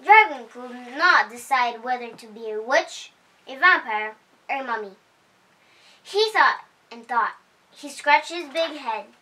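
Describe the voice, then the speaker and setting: A woman hosting a storytime, reading a children's picture book aloud at home in a cheerful, unhurried way. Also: high-pitched, animated, pushed and bright. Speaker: storytime host. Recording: voice heard from a distance.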